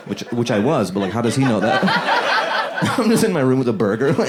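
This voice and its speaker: A man performing a stand-up comedy set on a club stage, acting out characters in quick asides. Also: mid-range voice, very noisy. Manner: animated, acts out voices in quick asides. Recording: loud audience laughter behind.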